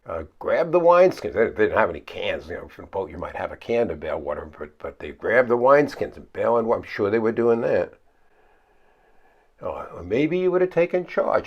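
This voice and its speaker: A male pastor talks through his sermon in a low, gravelly voice that climbs and drops a great deal as he asks his listeners questions. He puts on high, pleading voices for the frightened disciples, and the recording sounds dull and lo-fi. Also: very animated, moderate pace. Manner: conversational, asks the listeners questions and answers them himself.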